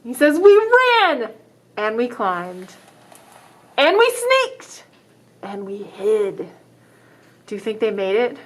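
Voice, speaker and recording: A woman librarian reading a picture book aloud to children, dramatic in the exciting parts and stopping to ask the listeners questions. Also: on the high side, takes it slowly, pauses often. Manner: expressive, dramatic exclamations, asks children questions.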